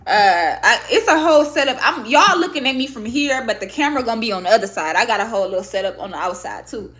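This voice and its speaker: Speaking fast in a slightly high voice, a Michigan-based vlogger and podcaster chats casually to camera. She's candid, expressive and heavily profane, using her own microphone set up at a desk.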